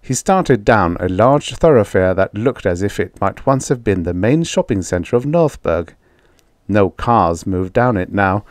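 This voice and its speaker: A man narrating a science fiction short story as an audiobook, in a measured, even storytelling manner. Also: fairly low pitch, no room sound.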